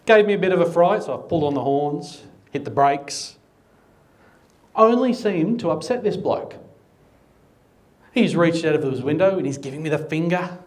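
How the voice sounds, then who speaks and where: A man's voice: a little high, lively intonation, normal speed, pauses often. A middle-aged Australian man doing stand-up comedy, telling dry, conversational anecdotes with comic timing. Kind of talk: stand-up storytelling.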